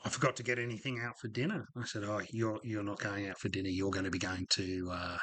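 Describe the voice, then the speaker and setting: A man's voice: on the low side, little pitch movement, quick pace, fairly bright tone, husky. A middle-aged Australian man, a former paramedic, frankly telling stories from his career in a casual, rambling way full of fillers and restarts. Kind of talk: casual podcast storytelling.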